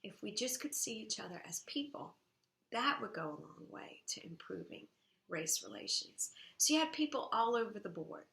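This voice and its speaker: A woman teaching a high school English class, lecturing in a conversational way and checking in with "okay?". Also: sing-song, moderate pace, vocal fry, pushed and bright, echoey room. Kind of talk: recorded lecture to students.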